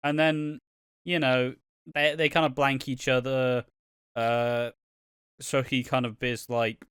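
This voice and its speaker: A man's voice: mid-range voice, level tone, unhurried, fairly bright tone, smooth, dry recording, studio quality. A man co-hosting a casual soap podcast, swearing a lot, laughing often and acting out the characters' lines. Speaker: podcast co-host. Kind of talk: casual soap recap chat.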